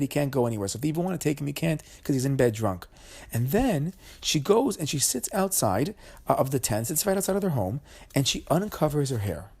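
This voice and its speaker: A man's voice: medium pitch, creaky, darkish tone, breathy edge. A man giving an informal Torah class, retelling Talmudic stories conversationally, with frequent restarts and Hebrew terms. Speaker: Torah teacher.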